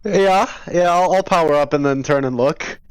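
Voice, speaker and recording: A man's voice: fairly high pitch, moderate pace, smooth, dry recording, low-quality recording. A man playing a tabletop game, making urgent calls to the party. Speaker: player.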